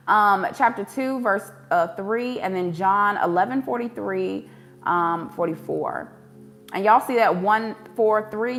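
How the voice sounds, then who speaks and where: A woman giving a casual spiritual reading to viewers, chatty and emotional, calling them "y'all" and "baby" and breaking into preaching bursts. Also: medium pitch. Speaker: tarot card reader.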